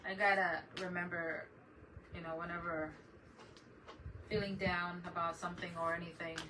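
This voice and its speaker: A woman's voice: on the low side, flat delivery, normal speed. A middle-aged woman hosting a crafting live stream, chatting casually and greeting viewers by name. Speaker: crafting channel host. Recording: distant mic with noticeable background noise.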